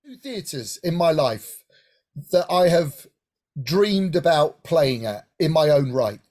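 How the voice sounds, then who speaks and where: A middle-aged man from Hampshire, England, telling lively stories in an interview and often checking in with "right?". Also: on the high side, slow. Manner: animated anecdotal, frequent "right?" asides. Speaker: guest singer-songwriter. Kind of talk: casual interview storytelling.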